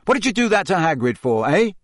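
A man reads aloud in a full character voice pitched above his own, making it high, fairly bright and full of big pitch swings as he speaks unhurriedly. He plays a hot-tempered, loyal teenage schoolboy who shouts in fury. The recording is dry and clean studio quality.

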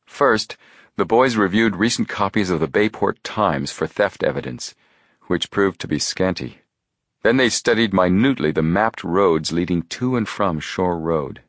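A man reading a children's mystery book aloud with expressive storytelling. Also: low voice, a little slow, no echo, studio quality. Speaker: audiobook narrator. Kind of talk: scripted narration.

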